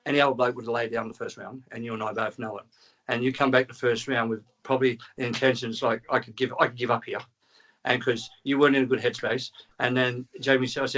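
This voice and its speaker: In a fast, mid-range voice, a guest caller who was once a trainer recounts a long story over the phone. He swears heavily, stays animated, and acts out the dialogue.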